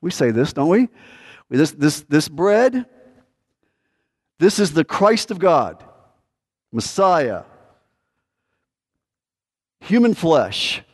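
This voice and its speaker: A male pastor preaching a sermon, emphatic and repetitive, swinging from loud declarations to a hushed, earnest plea. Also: on the high side, sing-song, takes it slowly, pauses often.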